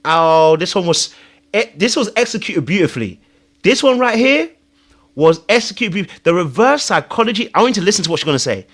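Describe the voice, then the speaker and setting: A man hosting a reality-show reaction video, talking excitedly, laughing and breaking into imitations as he comments. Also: sits high, a little fast. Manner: excitable, laughs, mimics voices mid-sentence.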